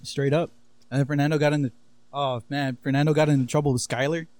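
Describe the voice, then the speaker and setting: A young man casually telling profane, laughing high school stories on a podcast and acting out what people said. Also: fairly even intonation, fast talker, a little mellow, no echo. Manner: profane, laughing storyteller who acts out quotes. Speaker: podcast co-host. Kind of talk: casual storytelling chat.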